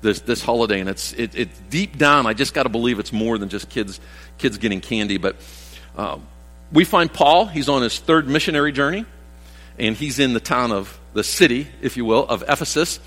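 A man's voice: medium pitch, expressive, moderate pace, a bit bright. A man in his sixties, a pastor giving a rambling, folksy sermon full of restarts and asides. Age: 60s. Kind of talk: conversational sermon. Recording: long reverb of a church hall.

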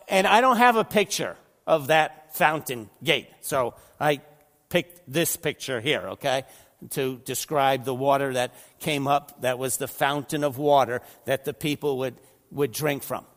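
A man's voice: on the high side, big-room sound. An older man preaching a conversational sermon, often repeating words and putting questions to his listeners. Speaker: pastor. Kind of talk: sermon with slides.

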